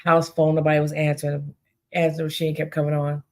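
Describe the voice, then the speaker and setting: A woman's voice: deep voice, monotone, fast. A woman hosting her own podcast alone, talking earnestly and pleading with her listeners, often repeating her pleas. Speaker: podcast host. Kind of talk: heartfelt solo podcast talk.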